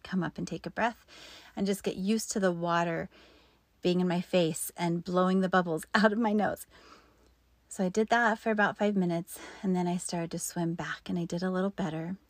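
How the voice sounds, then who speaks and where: A woman in her fifties telling a personal faith story in an earnest way, sometimes dropping into soft whispered asides. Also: lowish voice, fairly even intonation, normal speed, no room sound. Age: 50s.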